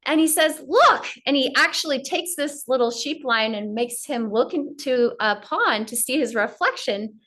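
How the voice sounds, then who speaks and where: A woman teacher giving a gentle, story-filled spiritual talk on yoga. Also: sits high, lively intonation, moderate pace, few pauses.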